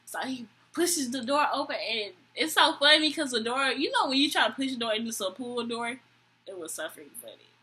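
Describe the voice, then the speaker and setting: A young woman vlogger telling a story in an animated, exasperated way, swearing often. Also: high-pitched, a little fast. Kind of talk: storytime vlog.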